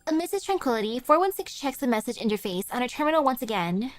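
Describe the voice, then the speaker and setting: High-voiced woman streamer reading a story. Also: big pitch swings, fast talker, no room sound, soft background music. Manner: narrating with small slips, chatty asides. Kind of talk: reading game story aloud.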